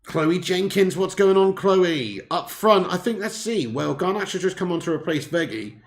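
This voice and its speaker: Bloke on a live footy watch-along, gravelly, jokes and laughs with chat. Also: male voice, sits high, expressive, normal speed. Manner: jokey banter, laughs often, chats with viewers. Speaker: host.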